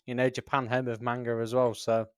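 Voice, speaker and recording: A man co-hosting a chat podcast, mid-pitched and upbeat. He answers in short, agreeable bursts, and the sound is dry and close. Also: flat delivery, a little fast, clean tone, dry recording. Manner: brief agreeable replies, upbeat. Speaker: podcast co-host. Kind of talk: casual chat.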